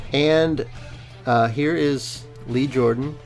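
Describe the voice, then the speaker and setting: This male podcast co-host speaks at medium pitch with drawn-out words and a darkish tone, faint music playing behind him. Discussing a book in a relaxed, jokey way, he rambles through loose sentences full of fillers and restarts.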